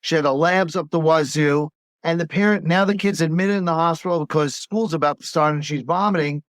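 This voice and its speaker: A man's voice: a little high, fairly quick, dry recording, studio quality. A man who is a pediatric gastroenterologist, talking in a casual podcast conversation and telling stories as he acts out the voices of patients' parents.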